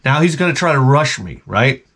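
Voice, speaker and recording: A man's voice: medium pitch, animated, moderate pace, creaky, a bit bright. A man vlogging in a rambling, profane monologue, swearing often and breaking into mouth sound effects. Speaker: retro gaming vlogger.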